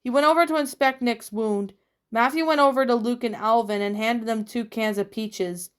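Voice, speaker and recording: A woman narrating a fan fiction story aloud in a plain, steady reading voice. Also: a little high, normal speed, clear, resonant tone. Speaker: story reader.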